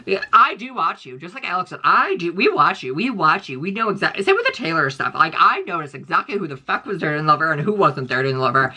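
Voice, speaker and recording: Fast, lively, profane ranting man. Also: fairly high pitch. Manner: rambling, profane, exasperated, heavy use of "like". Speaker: vlogger. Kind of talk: casual rant to viewers.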